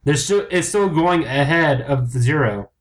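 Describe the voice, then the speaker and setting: A man's voice: on the high side, expressive, moderate pace. A man co-hosting a podcast in casual chat, blunt and teasing, swearing freely. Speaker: podcast co-host.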